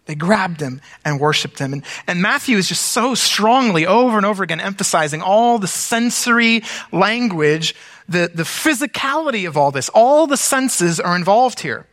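A high-voiced pastor reads scripture during his Easter sermon, breaking in now and then with easygoing, conversational remarks. He speaks at normal speed, and the recording has a big-room sound.

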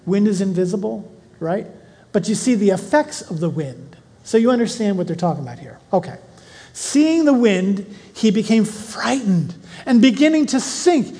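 A Bible teacher who reads scripture slowly, then explains it in a chatty way and asks the listeners questions. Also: medium pitch, sing-song, mellow. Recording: long hall reverb.

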